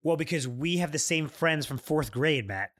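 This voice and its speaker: A man from New York co-hosting a casual podcast, animated and quick to get riled up. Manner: animated, jumps up in pitch when riled up. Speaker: podcast co-host. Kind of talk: casual chat.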